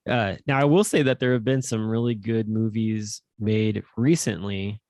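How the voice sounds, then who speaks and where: A man with a lowish, slightly mellow voice co-hosts a podcast, chatting casually at a normal speed with fairly even intonation. He rambles and uses lots of fillers. The studio recording is clean, with no room sound.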